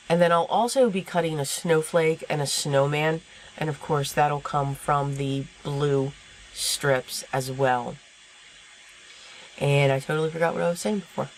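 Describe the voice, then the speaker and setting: A low-pitched woman talks through a card-making tutorial in a casual, rambling voice-over, full of ums and asides about herself. Her talk is relaxed and unscripted, and a faint hiss sits under the recording. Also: rough recording. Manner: chatty, rambling, self-deprecating, many fillers. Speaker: card-making channel host. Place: home craft room. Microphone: voice-over recorded at a desk.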